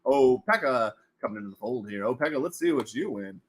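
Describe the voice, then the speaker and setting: A man hosting a casual livestream at home, running prize wheel spins in a goofy, animated way and slipping into silly voices. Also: medium pitch, brisk. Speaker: livestream host running giveaways.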